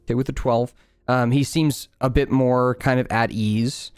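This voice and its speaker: A man narrating as game master in a tabletop game, unhurried and full of fillers. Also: medium pitch, clean tone, dry recording. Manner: relaxed, many fillers, unhurried.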